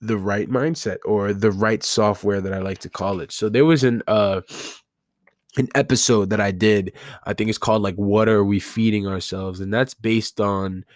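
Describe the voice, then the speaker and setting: A man's voice: on the low side, steady tone, moderate pace, dry recording, studio quality. A man hosting a solo podcast, talking casually and rambling with many fillers and restarts. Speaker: podcast host.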